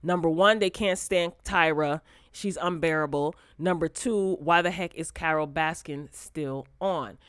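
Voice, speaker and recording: A woman hosting a casual pop culture commentary show, animated and sassy, talking straight to her viewers on a close mic. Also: low-pitched, measured pace, clear, resonant tone, dry recording. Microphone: close desk mic.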